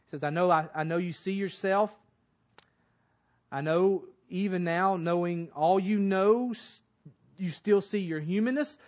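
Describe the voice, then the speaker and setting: A man preaching a sermon, building to emphatic peaks and dropping low and quiet in turn. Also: a little slow. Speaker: pastor.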